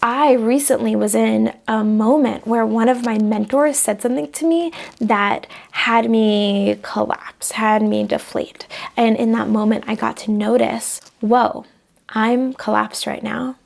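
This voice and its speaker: Young woman vlogger, slightly high voice with vocal fry, thoughtful and casual. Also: steady tone, a little slow, hardly any pauses, darkish tone. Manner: reflective, acts out little example voices. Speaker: vlogger sharing personal growth advice. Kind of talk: casual talk to camera.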